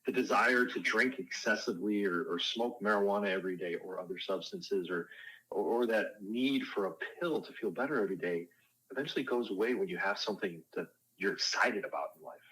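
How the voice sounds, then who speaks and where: Low-voiced man explaining at length. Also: sharp tone, low-quality recording. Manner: explanatory, conversational, self-deprecating asides. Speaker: counselor and life coach. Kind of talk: interview answers. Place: outdoors on a porch.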